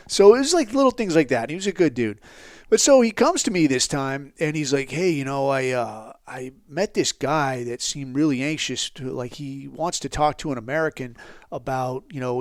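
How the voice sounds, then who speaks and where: Profane storytelling man, smooth dry voice. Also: on the high side, dry recording. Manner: crude, profanity-heavy, animated when quoting others. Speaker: podcast host.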